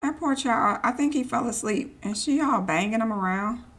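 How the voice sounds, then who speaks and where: A woman's voice: a little high, moderate pace, a bit bright. Chatty woman teasing her game characters. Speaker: gaming streamer. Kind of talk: casual let's play commentary.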